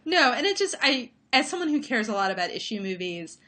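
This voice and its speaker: A woman's voice: on the high side, big pitch swings, brisk, a bit bright. A woman film critic talking through her views on movies in a thoughtful, analytical way, with many fillers, over a remote call. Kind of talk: casual conversation about movies.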